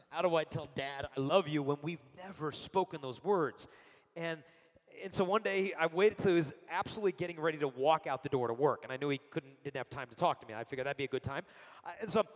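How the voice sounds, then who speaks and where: Animated high-voiced man preaching in a hall. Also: fairly quick. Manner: animated storyteller, acts out quotes. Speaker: speaker giving a Catholic talk. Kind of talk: sermon with personal stories.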